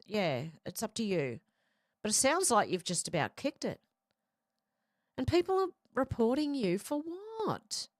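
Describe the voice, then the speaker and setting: A woman's voice: mid-range voice, no room sound, clean studio sound. A woman hosting a casual livestream, reading viewer comments aloud and chatting back with frank, swearing banter. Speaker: show host reading live chat.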